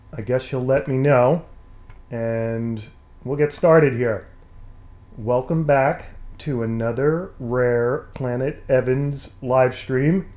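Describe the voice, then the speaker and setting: A man hosts a casual live stream from home, talking into a desk mic. His voice sits in a middle range with a mellow, dark tone, a little scratchy and nasal from allergies. He rambles along with plenty of fillers and self-deprecating asides. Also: medium pitch.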